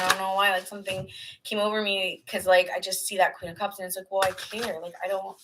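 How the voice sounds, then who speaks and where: A woman's voice: mid-range voice, flat delivery, quick pace, background noise. A woman giving a casual tarot reading, earnest and rambling, sometimes dropping into whispered asides. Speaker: tarot reader.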